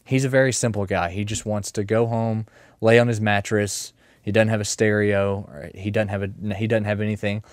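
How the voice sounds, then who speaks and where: A man hosting a casual solo podcast from his mom's house, rambling in a joking, self-mocking way with animated swings in loudness. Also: lowish voice, moderate pace, no room sound, studio quality. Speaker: podcast host and streamer.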